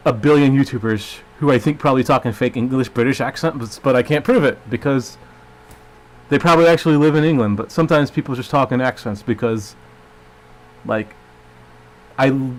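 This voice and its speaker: A man's voice: medium pitch, a little fast. Rambling, profane man with an Arkansas drawl. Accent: Arkansas Southern US. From Arkansas, USA. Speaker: streamer. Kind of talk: rambling live-stream monologue.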